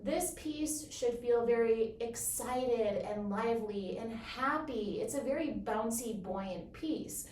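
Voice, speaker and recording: A woman explaining bassoon technique in a clear, encouraging, step-by-step way. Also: takes it slowly, hardly any pauses, darkish tone, a little hiss or hum. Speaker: bassoon teacher. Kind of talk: instructional explanation. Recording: roomy echo, from a distance.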